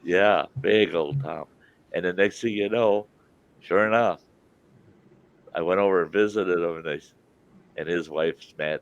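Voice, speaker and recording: Man, stream host, unhurried drawl, rambling folksy storytelling, dull lo-fi sound. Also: low voice, dry recording. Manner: laughs through his own story, drawls. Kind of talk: folksy anecdote telling.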